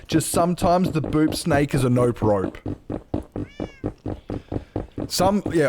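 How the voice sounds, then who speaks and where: A man's voice: fairly high pitch, slow, background noise. An Australian man chatting casually while streaming a game, rambling and joking at his own expense. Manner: rambling, self-mocking, lots of restarts and laughs. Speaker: Minecraft streamer. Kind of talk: casual live-stream chat.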